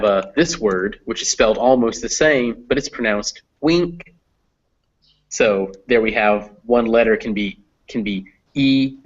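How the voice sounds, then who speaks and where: A man's voice: fairly low pitch, highs cut off. A man tutoring a student in reading English, explaining patiently with many fillers. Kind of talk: one-on-one reading lesson.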